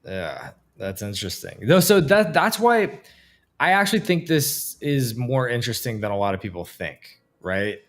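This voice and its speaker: A man co-hosting a casual podcast, talking in an animated, emphatic way and swearing now and then. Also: mid-range voice, normal speed. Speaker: podcast co-host. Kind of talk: casual chat.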